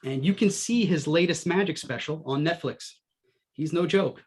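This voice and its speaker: A man's voice: fairly high pitch, normal speed, slightly rough. A man hosting a casual panel chat, joking and steering the talk. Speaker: host.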